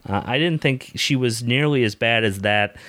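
A man's voice: medium pitch, normal speed, fairly bright tone, no echo. A man hosting a casual movie review chat, guiding the talk and joking. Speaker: podcast host leading a movie review.

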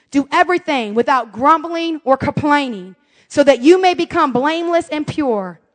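A high-voiced woman preaches a sermon. She keeps it chatty and funny, acting out scripture voices and her family's quarrels. Her voice rings with the long reverb of a church hall. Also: a bit bright. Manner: humorous, conversational preaching with laughs and asides. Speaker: pastor.

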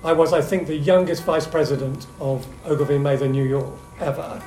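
A middle-aged man tells anecdotes to a seminar audience, lively but hesitant, full of ums and restarts. His voice is a little high for a man, and the echoey room carries a faint hum.

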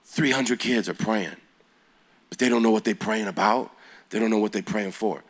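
Man in his forties, youth preacher; low voice, animated storyteller who quizzes the crowd. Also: normal speed. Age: 40s. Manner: animated, slangy, asks the audience questions.

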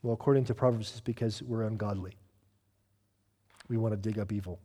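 A man from Southern California preaching a sermon as pastor, earnest, swinging between loud emphasis and soft, slow asides. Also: fairly low pitch, fairly even intonation, big-room sound.

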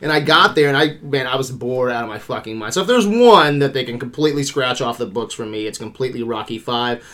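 A man's voice: mid-range voice, fast talker, hardly any pauses. Laid-back man hosting a movie podcast. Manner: animated, swears casually, laughs often. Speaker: podcast host. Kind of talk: casual movie review chat.

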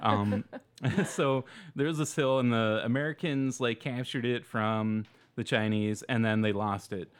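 A man's voice: mid-range voice, a little slow, smooth. A man co-hosting a podcast, telling a story in casual chat with lots of laughter and loose asides. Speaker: podcast co-host.

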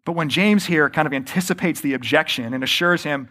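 A man's voice: fairly high pitch, a little fast, sharp tone. A male pastor preaching a sermon in an earnest, conversational way, posing rhetorical questions to the congregation.

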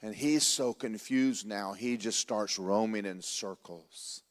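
A man preaching a sermon, pastor of his church, telling a story in a folksy, animated, repetitive way. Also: fairly low pitch, slow pace, big-room sound.

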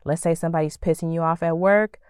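A low-pitched woman hosts a faith-centered motivational podcast, speaking in a lively, preacherly way and slipping into playful, sassy asides. Her voice is recorded close and dry, with no room sound. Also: fast talker, clean tone, no echo. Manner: animated, preacherly, acts out quoted thoughts with playful sass. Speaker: podcast host. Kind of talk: faith-based motivational talk.

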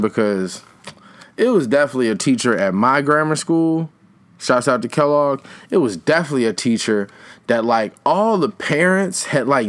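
A young man chatting casually in a rambling, slangy way, trailing off and restarting his thoughts. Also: mid-range voice. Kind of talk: casual chat.

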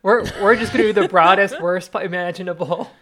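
A woman's voice: on the low side, a little fast. A woman co-hosting a casual podcast chat, joking and chatty. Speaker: podcast co-host.

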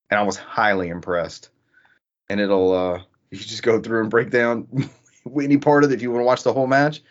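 A man's voice: on the low side, lo-fi sound. A man hosting a podcast, chatting loosely and casually about a video game, swearing freely. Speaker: podcast host. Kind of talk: casual gaming podcast chat.

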